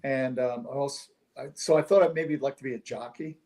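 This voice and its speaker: A man's voice: mid-range voice, a little mellow. Joke-telling man in casual chat. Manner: joke-telling with quick punchlines.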